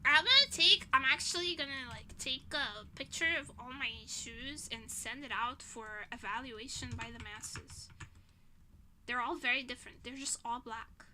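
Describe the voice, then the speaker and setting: A woman's voice: high-pitched, moderate pace, sharp tone, slight background noise. A young woman streamer chatting casually, ranting indignantly with swearing and laughter. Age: young adult.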